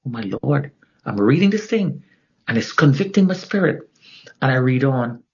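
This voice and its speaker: A man's voice: medium pitch, normal speed, breathy edge. A middle-aged man giving an interview, telling his personal testimony with drama and acting out the voices of the people in it. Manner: dramatic, acts out the voices of others in his story. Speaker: interview guest. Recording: muffled lo-fi recording.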